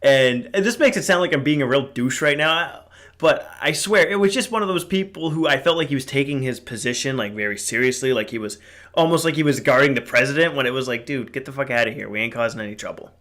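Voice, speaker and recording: A man's voice: mid-range voice, lively intonation, fairly quick, fairly bright tone. A young man hosting a casual solo podcast, telling a rambling story with lots of fillers and swearing. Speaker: podcast host. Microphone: podcast mic.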